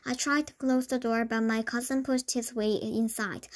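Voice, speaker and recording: A woman's voice: fairly high pitch, fairly even intonation, normal speed, few pauses. A young woman reading a children's book aloud, often tripping over words and restarting them. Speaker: storybook reader.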